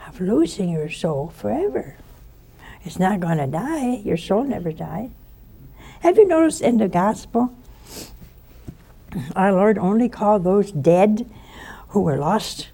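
A woman delivers a spoken sermon in a mellow, gravelly voice. She tells her story vividly and acts out the voices of the people she quotes. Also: mid-range voice.

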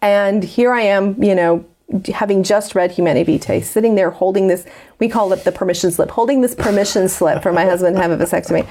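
Woman guest, mid-pitched, earnest and heartfelt, personal story told with many ums. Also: a little fast, mellow. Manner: earnest, heartfelt, with frequent fillers. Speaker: interview guest.

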